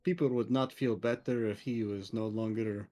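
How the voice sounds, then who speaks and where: A man's voice: lowish voice, steady tone, normal speed, dark tone, lightly acted. A man playing a blunt adventurer with clipped speech. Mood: probing. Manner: clipped broken grammar.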